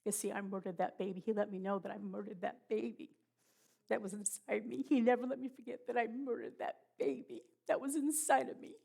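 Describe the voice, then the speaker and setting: A middle-aged woman giving a personal testimony at church, halting and emotional, with many pauses and restarts. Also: on the high side, fairly even intonation, gravelly, darkish tone.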